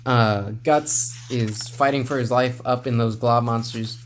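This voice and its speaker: A man's voice: medium pitch, measured pace. Chill guy talking through a manga review, lots of uh's, medium voice, faint hum behind. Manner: relaxed, rambling, many "uh" fillers, chuckles to himself. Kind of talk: casual video review.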